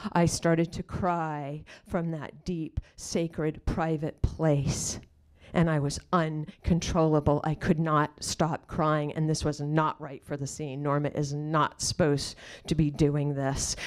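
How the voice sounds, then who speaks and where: A woman telling a personal story before an audience, dropping to hushed, near-whispered asides and slowing right down on quoted questions. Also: deep voice. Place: live storytelling stage.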